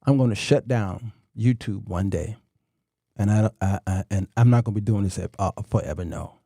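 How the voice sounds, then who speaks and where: A man's voice: fairly low pitch, normal speed, creaky, warm tone, no echo, clean studio sound. A man in his fifties hosting his own show, talking in a folksy, preachy monologue that repeats itself. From United States. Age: 50s. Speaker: show host. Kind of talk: casual talk-show monologue.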